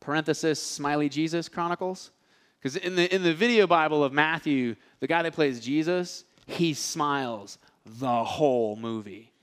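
A man's voice: a little high, moderate pace, smooth. A male preacher giving a casual, joking sermon, acting out the lines of people in his stories. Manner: animated, acts out characters' lines. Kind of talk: storytelling sermon.

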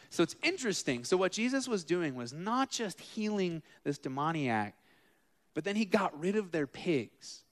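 A man in his thirties or forties preaching a casual, animated sermon, acting out the figures in his stories with asides to the room. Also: fairly high pitch. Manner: animated, acts out quoted figures, self-deprecating asides.

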